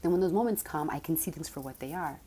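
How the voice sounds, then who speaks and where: A woman with a low, mellow voice tells a personal story in a relaxed monologue. She moves between animated bursts and soft, almost whispered repetitions. Faint noise sits underneath. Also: fast. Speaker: spiritual coach. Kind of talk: casual monologue.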